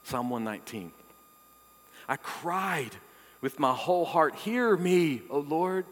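A man's voice: fairly high pitch, lively intonation, slow. Preaching man in a reverberant hall. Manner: dynamic preaching, swings from loud exclamations to hushed intimacy. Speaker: pastor. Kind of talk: sermon.

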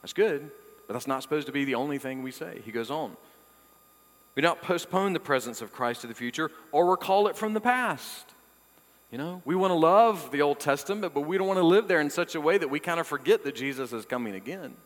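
A man preaching a sermon as pastor, swinging between loud, emphatic declarations and hushed, intimate passages. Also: a little high, animated, fairly quick. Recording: long hall reverb.

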